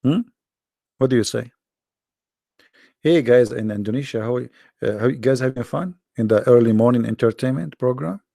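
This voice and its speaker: Hoarse, sarcastic man with a gravelly voice. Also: medium pitch, normal speed, pauses often, dark tone, no room sound, studio quality. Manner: sarcastic, taunting. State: hoarse, tired voice. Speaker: host of a live debate stream. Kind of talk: casual mocking live-stream talk. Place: quiet room at home.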